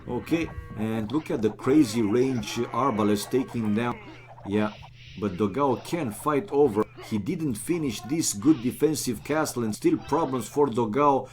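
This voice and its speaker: Man, non-native English speaker, live game caster, mid-range voice, excitable exclamations, faint music behind. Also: mid-range voice. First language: not English. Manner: excitable, bursts into rapid exclamations; joking, chatty asides to viewers. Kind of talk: live strategy-game commentary.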